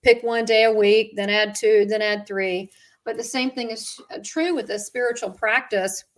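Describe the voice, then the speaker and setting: A woman in casual conversation, talking warmly about spiritual practice and stories, often restarting her sentences with fillers. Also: fairly high pitch, fairly even intonation, normal speed. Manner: chatty storyteller with frequent fillers and restarts.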